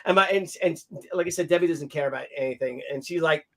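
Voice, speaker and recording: Guy with a pretty high voice rattling off a funny con story, swears a lot, does little voices for everyone. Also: quick pace. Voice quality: animated, acts out quotes in other voices. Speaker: podcast guest telling an anecdote. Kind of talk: casual storytelling, profane. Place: hotel stories; recorded on a video call show.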